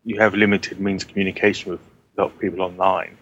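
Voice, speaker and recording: A man's voice: deep voice, flat delivery, fast, a bit bright, lo-fi sound, a little hiss or hum. A man co-hosting a casual gaming podcast, joking around and restarting his sentences as he chats. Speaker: podcast co-host. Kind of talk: casual chat.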